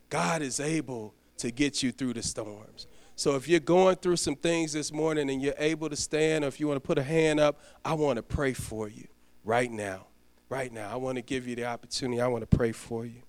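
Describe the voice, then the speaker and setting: A middle-aged man, a deacon preaching a sermon, telling a personal story and then praying, his voice building to loud emphatic peaks. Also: medium pitch, normal speed. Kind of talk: sermon with story and closing prayer.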